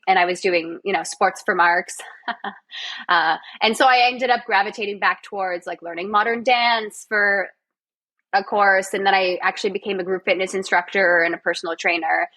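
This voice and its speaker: A woman's voice: medium pitch, pushed and bright. A young woman with a Canadian accent, a guest on a casual podcast interview, bubbly and self-deprecating, often laughing.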